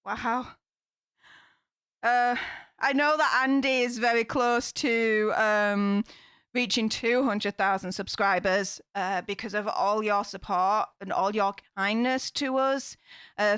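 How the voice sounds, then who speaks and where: A woman's voice: medium pitch, a bit bright, smooth, dry recording, studio quality. A woman hosting a casual live stream, gushing with thanks to her viewers.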